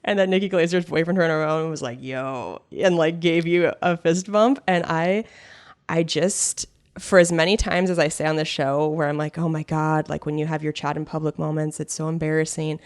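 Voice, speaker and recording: A woman's voice: sits low, steady tone. A woman comedian co-hosting a podcast, chatting in a teasing, upbeat way. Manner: teasing, upbeat, quick to laugh. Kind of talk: casual chat.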